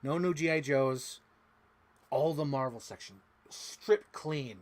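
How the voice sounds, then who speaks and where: A young man chatting casually as a toy collector, rambling, excitable and swearing freely. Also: medium pitch, slow. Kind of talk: casual unboxing chat.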